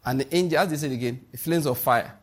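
A middle-aged pastor with a Nigerian accent speaks at a quick pace in a medium-pitched voice. His preaching is emphatic, full of repeated lines and questions checking that the congregation follows.

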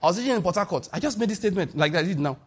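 A man with a Nigerian accent preaching a sermon as a pastor, animated and emphatic, with sudden high rises on key points. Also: racing, slightly rough.

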